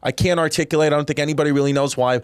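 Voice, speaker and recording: Male comedian host, 30s, American, fast animated swearing storyteller, dry studio sound. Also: a little high, smooth, no room sound. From United States. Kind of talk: casual chat.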